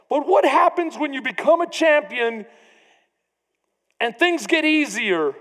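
A man preaching a sermon as pastor, building to shouted emphasis. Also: very high voice. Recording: long reverb of a large hall.

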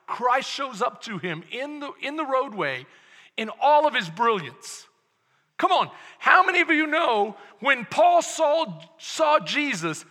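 A Texan man preaching from the pulpit with a very high, piercingly bright voice. He swings between hushed asides and loud calls to the congregation, and the sound rings with a long hall reverb. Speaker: pastor. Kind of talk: sermon.

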